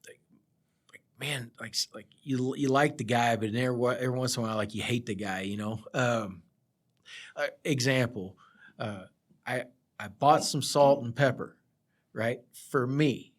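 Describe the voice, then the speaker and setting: A man's voice: medium pitch, moderate pace, pauses often. A middle-aged man, a project surveyor, telling rambling work stories in a casual chat, laughing often. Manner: laid-back rambling storyteller, laughs often. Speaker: project surveyor, podcast guest.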